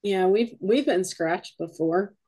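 A woman's voice: mid-range voice, slow pace, dark tone. A woman guest on a podcast, a paranormal investigator, telling a rambling story full of quoted dialogue in a casual way.

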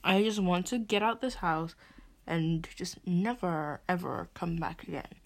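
A woman's voice: on the low side, measured pace. Exasperated young woman ranting. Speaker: podcast host. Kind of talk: venting monologue.

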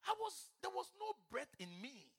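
A man preaching a sermon, repeating phrases and swinging between loud fervent proclamation and hushed, lowered passages. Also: huge pitch swings, normal speed, vocal fry.

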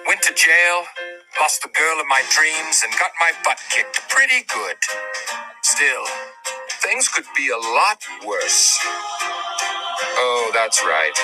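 A man's voice: a little high, very animated, takes it slowly, long pauses, rough recording. An actor playing a dramatic, self-mocking male alien supervillain in a film clip, giving a wry, theatrical comic delivery. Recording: film clip over loud music.

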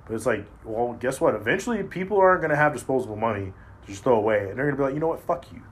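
A man talking in a casual chat, blunt and profane, telling animated stories as a podcast host. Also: medium pitch, very fast, slightly rough.

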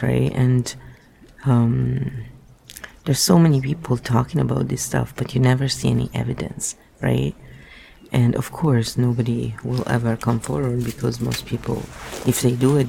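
A man's voice: mid-range voice, creaky, warm tone, slight background noise. A man reading a book aloud and breaking off into rambling, musing asides. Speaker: reader.

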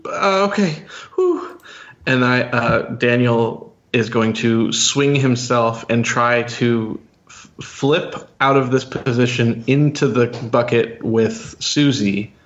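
A man's voice: mid-range voice, little pitch movement, slow, a bit bright. A man playing a tabletop game, talking in a hesitant, casual way. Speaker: player. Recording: dull lo-fi recording.

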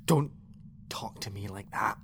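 A man's voice: a little high, very animated, moderate pace, fairly bright tone, a little hiss or hum. An actor playing a shaken young male spaceship crew member who sounds distraught and defiant.

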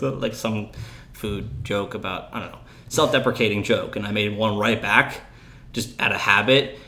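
A man in his early twenties telling a story in casual chat as a podcast host, animated and laughing as he acts out what people said. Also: on the low side, normal speed. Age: 20s.

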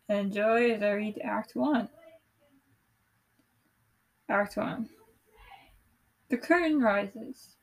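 A young woman calmly reading aloud her own play script, voicing every part in her plain voice. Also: fairly high pitch, gravelly, poor audio. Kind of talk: unhurried script read-aloud.

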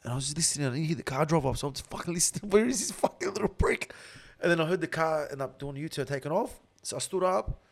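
A man with an Australian accent telling a story in casual talk, swearing constantly and getting loud and laughing as he tells it. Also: a little high, rapid-fire. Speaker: interview guest.

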